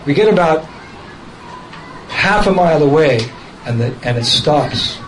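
A man telling a personal story in a casual, lively way, laughing as he goes and acting out other people's voices. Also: on the high side, moderate pace, long pauses, slight background noise, low-quality recording. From United States.

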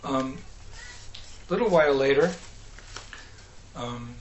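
A man gives a devotional talk in a medium-pitched voice. He tells stories with animation, putting on voices and laughing along the way. His voice carries in an echoey room with faint ambient noise. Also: slow, highs cut off. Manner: animated, acts out characters, laughs often. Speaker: speaker.

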